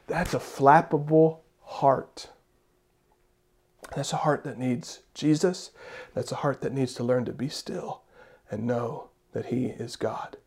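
A man's voice: mid-range voice, steady tone, takes it slowly, vocal fry, darkish tone, breathy edge. A man preaching a sermon as a pastor. He preaches emphatically, repeats his key phrases and asks the congregation rhetorical questions.

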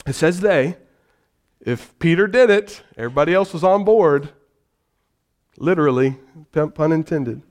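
A male pastor preaching a sermon in an animated way, shifting from hushed, gentle passages to loud, vivid storytelling. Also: a little high, a little slow, pauses often.

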